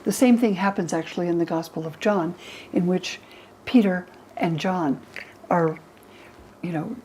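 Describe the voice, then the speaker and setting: An older woman scholar explaining old texts to an interviewer, lively, acting out the quoted speakers in higher voices. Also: a little slow, slight background noise, poor audio. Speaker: religion scholar and guest.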